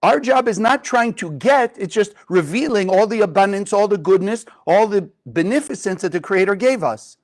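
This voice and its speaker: A man's voice: sits high, lively intonation, normal speed, few pauses. A man teaching a group in a live class, retelling a story and asking many rhetorical questions. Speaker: Kabbalah teacher.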